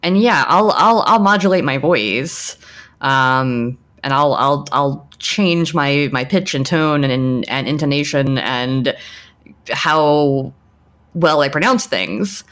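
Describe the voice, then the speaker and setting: A woman's voice: a bass voice, slow, a bit bright. A young adult woman co-hosting a podcast, speaking frankly in casual chat and restarting her sentences often. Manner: frank, talks things through with many restarts and "like"s. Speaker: podcast co-host.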